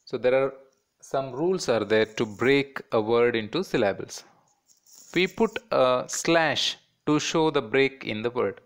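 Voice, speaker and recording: A man's voice: mid-range voice, animated, measured pace. A man teaching a children's class in Indian English, patiently repeating words and breaking them into syllables.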